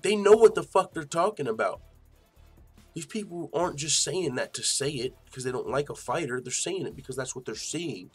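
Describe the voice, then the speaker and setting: A man hosting a mixed martial arts news show, talking casually in an animated, slangy and profane way and often laughing. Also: on the high side. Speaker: MMA news show host. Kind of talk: casual commentary.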